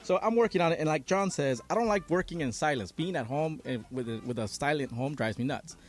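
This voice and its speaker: A man's voice: a little high, lively intonation, fairly quick. A man on a sports talk radio show, eager as he asks the hosts a question.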